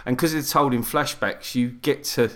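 A man's voice: mid-range voice, moderate pace, fairly bright tone. A man co-hosting a casual film chat, talkative, laughing easily and stumbling over repeated words. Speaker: podcast co-host reviewing films.

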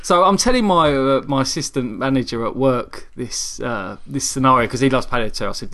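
A man's voice: mid-range voice, brisk, few pauses, a bit bright. Rambling man telling stories. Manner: rambling, self-mocking, laughs through stories. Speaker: podcast co-host. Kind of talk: casual comedic storytelling.

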